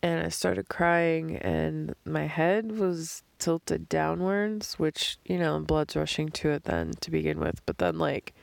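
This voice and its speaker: A woman's voice, worn hoarse, full of deep vocal fry, drifts slowly through a reflective voice diary. She thinks aloud in halting fits and starts, with long pauses. The sound is close and dry, from a phone held just above her face as she lies outdoors at night. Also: expressive, dry recording. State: hoarse from screaming and crying. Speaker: podcast host. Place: outdoors in the desert at night, lying under blankets.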